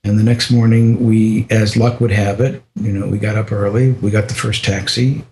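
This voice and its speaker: An older man telling a personal story in an interview, halting with restarts and often dropping to a soft voice. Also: lowish voice, flat delivery.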